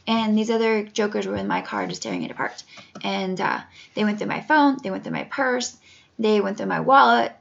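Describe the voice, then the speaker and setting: A woman's voice: a little high, gravelly, a bit bright. A woman in her forties telling her own story as a patient advocate, earnest and emotional, close to tears. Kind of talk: personal testimony to camera. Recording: dull lo-fi home recording.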